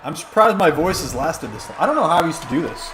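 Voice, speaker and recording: A fairly high-voiced man calls a wrestling video game on a live stream in a loose, rambling, jokey way, breaking into excited play-by-play. A clear hum of background noise runs under his voice. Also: fast talker, a crowd in the background. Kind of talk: casual live-stream commentary.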